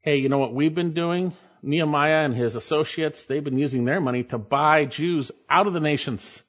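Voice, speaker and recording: A man's voice: on the high side, normal speed, fairly bright tone. A man preaching an expository Bible sermon in an emphatic way, repeating his key points for stress. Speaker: pastor. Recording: dull lo-fi recording.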